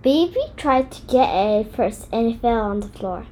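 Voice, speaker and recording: A woman reading a children's book aloud in an expressive, deliberate way. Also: on the high side, slight background noise. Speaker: storybook reader.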